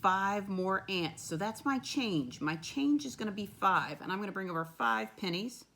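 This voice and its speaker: A woman teaching a first-grade lesson from home, talking slowly and encouragingly in a sing-song way to young children she calls her friends. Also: mid-range voice, lively intonation, vocal fry, fairly bright tone, reverberant, distant mic.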